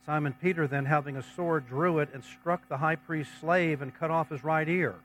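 A preacher with a slightly raised voice. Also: male voice, a little high, fairly even intonation, moderate pace, a bit bright, a little hiss or hum, rough recording. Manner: reads scripture passages aloud, then comments on them conversationally. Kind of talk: sermon.

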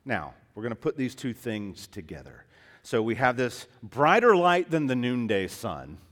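A man preaching a sermon as pastor, with impassioned delivery that swings from hushed tones to loud emphasis and calls the listeners beloved and dear friends. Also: medium pitch, big pitch swings, unhurried.

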